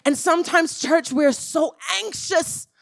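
Lady preacher, high pitched, slow deliberate delivery, keeps saying church. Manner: emphatic, addresses the congregation as church. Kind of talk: sermon.

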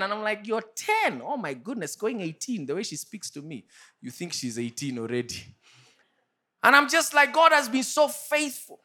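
A man, preaching a sermon and telling personal stories in an animated way. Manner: animated storytelling, jumps to high pitch for acted-out quotes. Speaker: pastor.

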